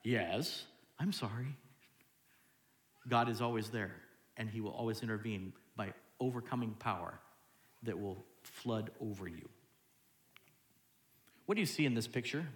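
A man preaching a sermon as pastor, dropping to hushed tones and then jumping loud and high as he acts out what people say to God. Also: normal speed, pauses often, roomy sound. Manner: acts out quoted voices, swinging from hushed to loud.

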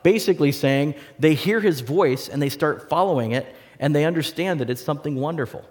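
A man preaching a sermon to a congregation, telling stories in a lively way and acting out the voices. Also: on the high side, brisk, big-room sound. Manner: animated storytelling, acts out voices.

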